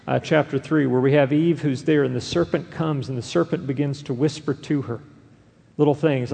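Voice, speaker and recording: A man's voice: fairly high pitch, gravelly, a little mellow, big-room sound. A man preaching an earnest sermon as a pastor, often tossing in a rhetorical "right?" to the congregation.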